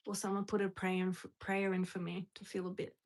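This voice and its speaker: A woman's voice: mid-range voice, completely flat delivery, a little fast, darkish tone, low-quality recording. A young woman chatting casually with viewers on a live stream, giggly and rambling, often breaking off and restarting her sentences. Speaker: livestream host. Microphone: phone or webcam on a live stream.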